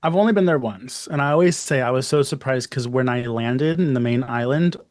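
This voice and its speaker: A man's voice: mid-range voice, fairly quick, a little mellow, no echo. A man co-hosting a horror podcast in casual chat, gossiping animatedly about the cast. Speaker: podcast co-host.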